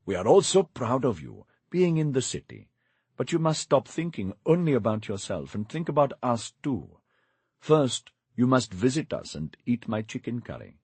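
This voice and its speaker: Picture a bossy old village grandmother, coaxing and scolding in turn, voiced by a male narrator. The husky voice is recorded dry and close, with animated pitch. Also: moderate pace, no echo.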